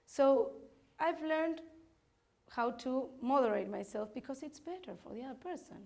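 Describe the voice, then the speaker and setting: A woman's voice: high voice, lively intonation, moderate pace, gravelly, darkish tone. A woman from Argentina, speaking candidly to parents in a workshop, laughing often and restarting her sentences. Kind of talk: informal talk to parents.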